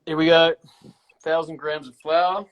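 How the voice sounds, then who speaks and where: A man's voice: on the high side, little pitch movement, a little slow, clean tone, highs cut off. Joking, rambling man on a live stream. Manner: joking, rambling, self-mocking. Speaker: co-host of a live baking stream. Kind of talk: casual live-stream chat.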